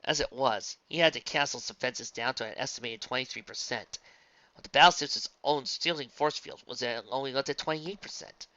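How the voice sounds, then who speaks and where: A man narrates a fan story with a bright, forceful voice. The sound is dry and close, with a dull, lo-fi tone. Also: medium pitch, fairly quick, no room sound. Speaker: fanfic reader. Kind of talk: dramatic story reading.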